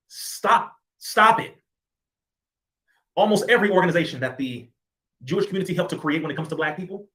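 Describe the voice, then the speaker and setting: A man's voice: fairly high pitch, a bit bright. A man giving an impassioned address to camera, emphatic, sarcastic and repetitive. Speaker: commentator.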